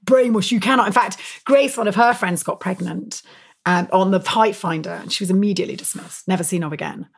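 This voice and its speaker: This is a woman guest in an interview, relating stories with brisk enthusiasm. She laughs easily and peppers her talk with "um" and "you know". Her voice sits at a mid pitch. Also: gravelly. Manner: lively, laughs often, frequent fillers and restarts. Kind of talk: animated storytelling interview.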